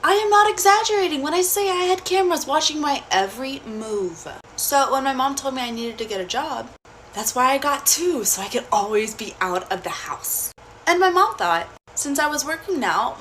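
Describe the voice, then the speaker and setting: A young woman telling a personal story in a casual, blunt and profane way, animated throughout. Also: high voice, normal speed, slight background noise.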